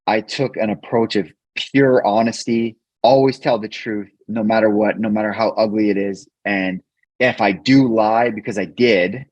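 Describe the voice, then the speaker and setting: A man guest on a podcast, earnestly telling a personal story in a halting way, often repeating words when emotional. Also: lowish voice, darkish tone, no echo. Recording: dull, dry podcast mic.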